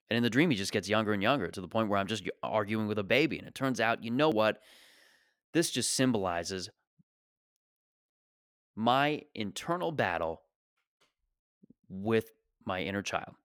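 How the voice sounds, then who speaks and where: A young man doing a profane, self-deprecating stand-up rant, exasperated and quick to mock himself. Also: fairly low pitch, fairly bright tone, dry recording, clean studio sound. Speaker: stand-up comedian.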